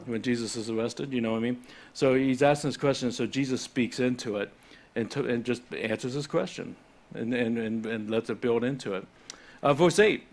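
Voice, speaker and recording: A man delivering a sermon in a relaxed, conversational way, talking through scripture and stopping often to explain it. His delivery is animated and off the cuff, and he restarts his sentences often. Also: medium pitch. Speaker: pastor.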